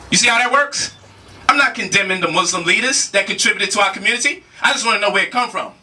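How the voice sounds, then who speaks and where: A man's voice: extremely high pitch, pushed and bright, far from the mic. A man giving a heated spoken lecture, emphatic, with repeated rhetorical questions and casual slang. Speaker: speaker challenging a debate opponent.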